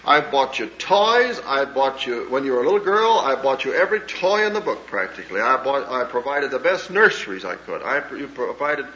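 A man's voice: mid-range voice, very animated, moderate pace, few pauses, sharp tone. A man voicing a distraught mother who pleads with her grown daughter in a raised, insistent voice. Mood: pleading hurt. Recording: dull lo-fi old recording with faint hiss.

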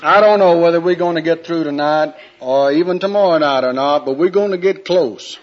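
A man preaching a sermon, telling a folksy story in a drawn-out, homespun way. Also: fairly high pitch, slight background noise. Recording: dull lo-fi recording.

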